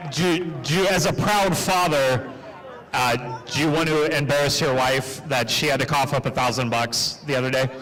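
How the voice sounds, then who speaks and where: A man announcing a live race at an outdoor speedway, calling the action excitedly and joking with drivers. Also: mid-range voice, moderate pace, some chatter behind, low-quality recording. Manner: excitable play-by-play, jokey with drivers. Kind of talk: live race commentary and interviews.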